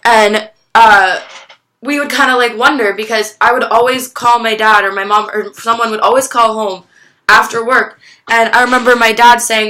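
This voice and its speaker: A young woman talks straight to her camera in a bright, clear voice. She tells her story candidly, with halting restarts and plenty of swearing. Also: a little high, fairly even intonation. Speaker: vlogger.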